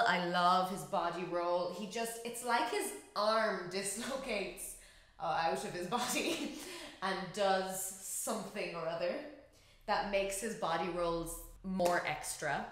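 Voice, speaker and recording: A woman chattily reacting to and breaking down a dance routine, often laughing and shrieking with excitement. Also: medium pitch. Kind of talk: casual reaction commentary. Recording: roomy echo with faint music behind.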